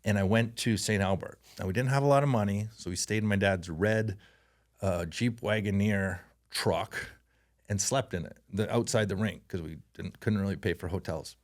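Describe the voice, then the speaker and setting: Canadian guy spinning a story in an interview, animated, lots of laughing, does little voices. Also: fairly low pitch, normal speed. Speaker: podcast guest, former hockey player.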